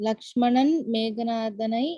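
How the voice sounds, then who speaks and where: A woman's voice: on the high side, little pitch movement, racing, warm tone, dry recording, muffled recording. A woman learning in a casual one-on-one lesson, mostly giving short murmured acknowledgements and repeating phrases back. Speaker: language student.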